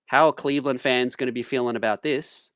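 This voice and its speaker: A man hosting a sports talk channel, relaxed and casual, calling viewers fam and ladies and gentlemen and clearing his throat often. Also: mid-range voice, fairly quick, no room sound, studio quality.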